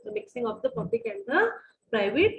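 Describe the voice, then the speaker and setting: A woman's voice: on the high side, sing-song, fairly quick, narrow, tinny audio. A woman with an Indian English accent teaching a university class over a video call, full of fillers, repeating her phrases and putting questions to the students. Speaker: university lecturer. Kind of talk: online lecture.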